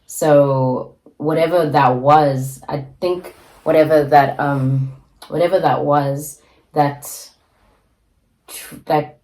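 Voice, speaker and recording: A woman's voice: deep voice, steady tone, slow, darkish tone. A young woman co-hosting a podcast in casual chat, reflective, repeating phrases as she searches for words. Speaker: podcast co-host. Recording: echoey room.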